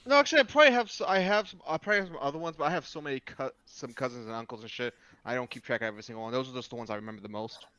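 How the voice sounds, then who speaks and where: A man joining a casual podcast chat, talking quickly and offhandedly with casual swearing. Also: mid-range voice, expressive, sharp tone, smooth, no echo, highs cut off.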